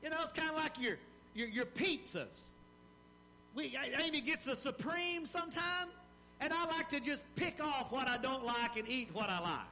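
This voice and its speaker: A man preaching a sermon in an animated style, with rising emphasis and pauses. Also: very high voice, a little hiss or hum. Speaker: pastor.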